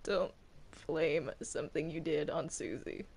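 Player as a flustered lawyer in a game role-play, hesitant, calming everyone down, slow and halting. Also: mid-range voice, vocal fry. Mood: placating. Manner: hesitant, placating, lots of uh and um. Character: flustered courtroom lawyer keeping order.

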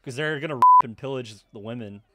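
A man casually reacting to an anime episode, excitable, swearing and laughing often as he talks. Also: mid-range voice, fairly quick, very noisy.

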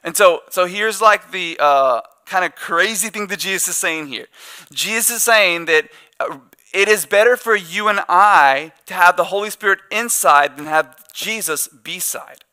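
A man's voice: sits high, a little slow, bright, forceful tone, smooth. A male pastor preaching a sermon in a conversational way, with joking asides and playful quoted back-and-forth. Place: church.

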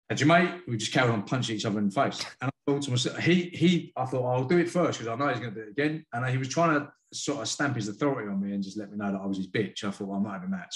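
Low-voiced man telling a story. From United Kingdom. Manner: frank, earnest, quick to admit feelings. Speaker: karate sensei and boxing coach, podcast guest. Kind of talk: candid storytelling in a podcast interview.

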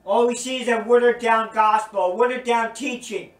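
A man's voice: very high voice, steady tone, moderate pace. A man preaching a sermon, earnest and emphatic, repeating his points. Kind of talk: recorded sermon teaching. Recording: roomy echo, distant from mic.

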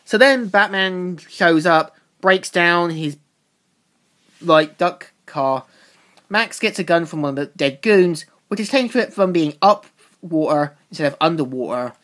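A woman's voice: fairly low pitch, lively intonation, a little slow. A woman reviewing a comic book, recapping its plot in a casual, rambling way with loose restarts.

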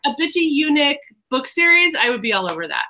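A woman's voice: high voice, very animated, fast, pushed and bright. A woman in a casual book club chat on a video call, telling long rambling stories with many restarts. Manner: chatty, rambling storyteller with restarts.

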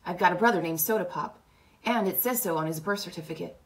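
A woman's voice: lowish voice, fast, lightly acted. Woman reading a shy young teen boy.

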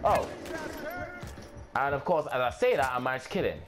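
A man's voice: medium pitch, animated, moderate pace, music in the background. A man giving casual, offhand gameplay commentary, swearing and thinking aloud as he plays.

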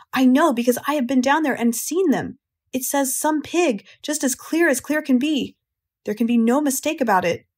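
A woman's voice: high-pitched, slightly rough, pitched above the performer's own voice. A woman voicing an awestruck, earnest male farmer who insists with urgency, in a storybook reading.

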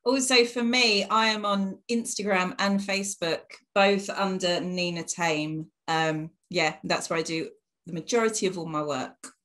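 A woman's voice: on the low side, steady tone, measured pace, fairly bright tone. A woman with an Essex accent, a guest in a casual conversation, sounding friendly and upbeat. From England.

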